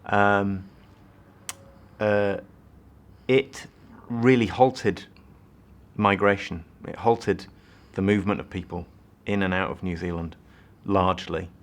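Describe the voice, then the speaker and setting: A man's voice: deep voice, fairly even intonation, takes it slowly. A man interviewing a guest, hesitantly repeating words as he forms his questions. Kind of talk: interview conversation.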